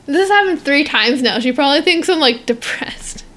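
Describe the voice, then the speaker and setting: A woman's voice: sits high, lively intonation, moderate pace, fairly bright tone. A teenage girl co-hosting a podcast, chatting casually, rambling with lots of fillers and giggles. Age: teens. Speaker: podcast co-host. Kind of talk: casual chat.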